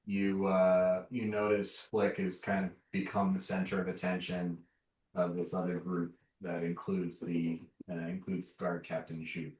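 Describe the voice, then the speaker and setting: A man running a tabletop game as game master, narrating in a halting way with lots of fillers. The recording is roomy, with the mic at a distance. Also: sits low. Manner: halting, many fillers, laughs often.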